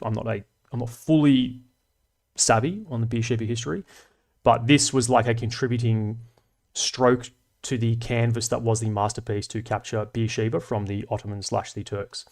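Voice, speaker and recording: A man in his thirties with an Australian accent hosts a casual livestream chat, laid-back and slangy and swearing often. His voice is medium in pitch and a little mellow.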